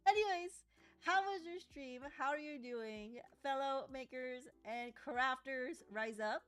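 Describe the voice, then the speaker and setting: Chatty high-voiced woman streamer. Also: unhurried, clean tone, no echo, soft background music. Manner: rambling, animated storytelling with laughs. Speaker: livestreamer. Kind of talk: casual live-stream chat while crafting.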